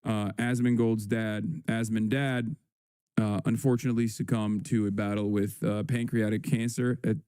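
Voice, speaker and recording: A man talks casually on a livestream in a dark, mellow voice that stays smooth and clear. He reads headlines in a slow, drawn-out way, drops dry sarcasm and fills gaps with ums and uhs. The sound is close and dry, with no room around it. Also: fairly low pitch, flat delivery, dry recording. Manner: sarcastic, drawn-out reading of headlines with many fillers. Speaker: livestream host.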